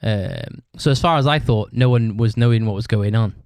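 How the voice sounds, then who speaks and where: A man's voice: fairly low pitch, normal speed, a little mellow, no room sound. A young British man hosting his own podcast, telling a rambling, sweary story in a casual way and laughing as he talks. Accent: British English. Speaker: podcast host.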